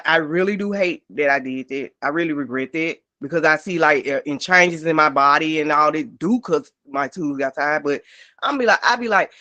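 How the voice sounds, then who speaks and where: A woman's voice: low voice, fairly bright tone, dry recording. A woman co-host chatting casually, emotional and effusive, in a slangy way. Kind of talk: casual chat.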